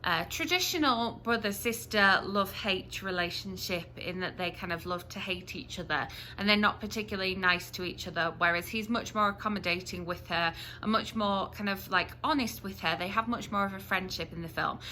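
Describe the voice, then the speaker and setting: Bright-voiced chatty woman vlogger. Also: medium pitch, fairly quick, few pauses, a little hiss or hum. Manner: chatty, many ums and restarts. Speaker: book review vlogger. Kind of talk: casual chatty review to camera.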